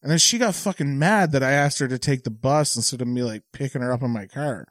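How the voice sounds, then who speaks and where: A man's voice: mid-range voice, fast, a bit bright, dry recording, clean studio sound. Tipsy, rambling man on a podcast. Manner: rambling, repeats filler words, swears freely. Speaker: stand-up comedian and podcaster. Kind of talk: casual podcast chat.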